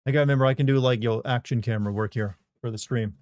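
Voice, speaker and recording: A man's voice: mid-range voice, steady tone, very fast, a little mellow, no echo, clean studio sound. A man chatting casually on a live game stream, reading out viewer questions and commenting on his pet in a laid-back, rambling way.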